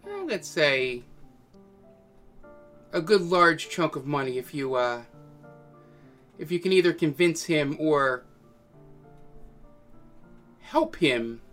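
A gruff old fight boss, loud and blustery, as a man puts him on in a tabletop game. The voice sits higher than the narrator's own, with a pushy, bossy edge. Faint guitar plays underneath. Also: expressive, takes it slowly, long pauses. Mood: scheming. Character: gruff fit older male fight boss.

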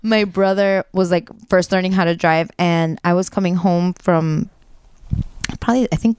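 A woman's voice: fairly even intonation, normal speed, darkish tone, slight background noise. A young woman in casual chat, reacting often and telling her own anecdotes. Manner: chatty, reacts often, rises and falls a lot in pitch.

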